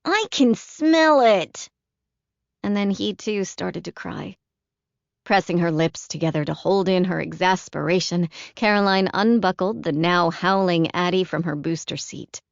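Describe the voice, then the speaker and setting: A woman narrating a novel as an audiobook in a measured storytelling delivery. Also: fairly low pitch, creaky, no echo. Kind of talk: scripted narration. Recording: dull, dry, lo-fi audiobook recording.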